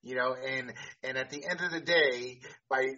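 A man co-hosting a casual sports podcast. He talks in an animated, emphatic way and often repeats words as he starts a sentence. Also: medium pitch, normal speed, dull audio. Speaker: podcast co-host.

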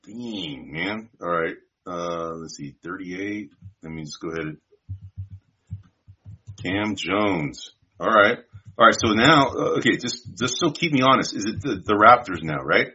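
A man with a husky, somewhat low voice talks through draft picks in a loose, rambling way, tossing in dude and bro. His delivery is bright and forceful. The recording sounds dull and lo-fi. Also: expressive, measured pace. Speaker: podcast co-host. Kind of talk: casual draft-pick chat.

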